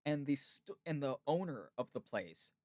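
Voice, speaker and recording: Male podcast host, casual chatty storyteller, middle pitch, dry close sound. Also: big pitch swings, moderate pace, darkish tone, no echo. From United States. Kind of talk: casual chat.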